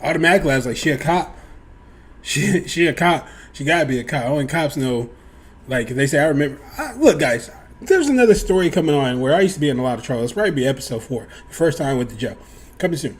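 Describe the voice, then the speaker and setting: This is a young man spinning a casual story for his viewers, his pitch leaping all over as he acts out the other people. His voice sits a little high for a man. He swears freely and keeps the telling loose. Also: lively intonation, fast talker, breathy edge. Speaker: storyteller vlogger.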